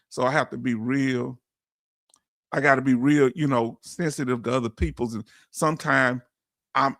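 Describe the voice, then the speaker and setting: A man's voice: medium pitch, fairly bright tone, dry recording, studio quality. A man hosting a casual livestream, reading viewer comments aloud and calling his audience family in a heartfelt, emotional way.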